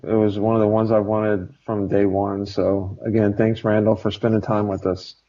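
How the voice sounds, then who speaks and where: A man co-hosting a podcast in casual chat, relaxed, with many filler sounds. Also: on the low side, moderate pace. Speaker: podcast co-host. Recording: slightly dull podcast audio.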